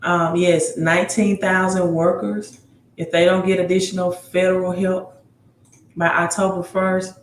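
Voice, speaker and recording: A tired-sounding man hosts a casual livestream on credit advice, greeting viewers by city, reading their comments and news items aloud, and often adding "right?". His voice is high-pitched and level, a little slow, with slight background noise. The room is roomy, with faint ambience.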